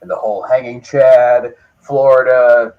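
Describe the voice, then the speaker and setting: A man in his forties in casual talk-show chat, speaking in a measured way with many fillers. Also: mid-range voice, little pitch movement. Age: 40s. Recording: dull lo-fi sound.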